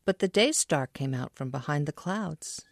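A woman's voice: deep voice, expressive, moderate pace, vocal fry, dry recording, clean studio sound, full character voice. A woman voicing a curious, eager young girl, lightly raised from her own reading voice.

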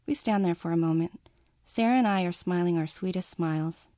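Woman calmly reading her own novel aloud. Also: lowish voice, brisk, dry recording, clean studio sound. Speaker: author.

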